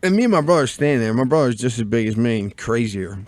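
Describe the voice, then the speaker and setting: A man's voice: medium pitch, fast. A man from the in his thirties, a podcast guest telling rowdy stories in casual chat, swearing freely and acting out the other people in them. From Delaware County, Pennsylvania. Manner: profane, animated, acts out voices in anecdotes.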